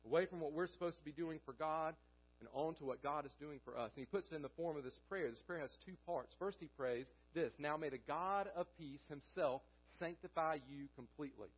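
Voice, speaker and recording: A man's voice: a little high, brisk, slightly rough, lo-fi sound. A male pastor preaching a sermon in a church, repeating key phrases for emphasis and asking the congregation questions he then answers. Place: church sanctuary.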